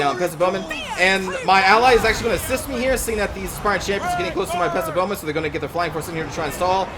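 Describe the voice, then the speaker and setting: A man casually commentating his own strategy game match, quick and excitable, swearing when things go wrong. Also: sits high, background noise.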